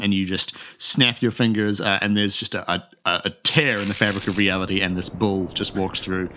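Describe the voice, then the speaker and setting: A man's voice: fairly low pitch, steady tone, fairly quick, few pauses, a bit bright. A man narrating as game master in a tabletop game, stumbling through many repeated words and fillers. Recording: dull lo-fi sound.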